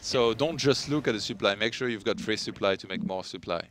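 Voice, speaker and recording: A young man from France, speaking English with a French accent, co-commentating and analysing an esports match in a relaxed way with dry jokes. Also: lowish voice, a little fast, a little hiss or hum. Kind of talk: live game analysis, casual banter.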